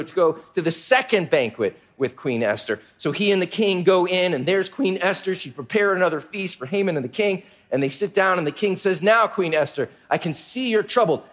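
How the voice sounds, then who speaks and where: A male pastor telling a Bible story to children in an energetic, playful way, often asking the audience questions. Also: a little high.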